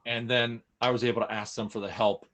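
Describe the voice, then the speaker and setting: A man speaks candidly about a difficult time, his voice sitting in a middle pitch. He is emotional and frank, and he trips over and restarts his sentences as he goes. It is loose, conversational storytelling, not a prepared speech. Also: little pitch movement, a little fast, a bit bright. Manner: emotional, open, frequent restarts and self-corrections. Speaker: guest sharing a personal story. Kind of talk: candid personal storytelling in casual chat.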